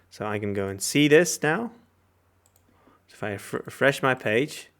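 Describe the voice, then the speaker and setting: A man's voice: medium pitch, pushed and bright, clean tone. A man lecturing while he writes code live, thinking aloud with frequent fillers and self-corrections.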